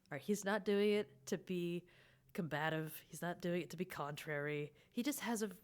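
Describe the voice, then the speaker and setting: A woman with a very low-pitched voice hosts a relaxed interview. She responds in a reflective, supportive way, offering perspective and familiar sayings. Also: moderate pace, clear, resonant tone. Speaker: podcast host. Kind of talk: casual interview chat.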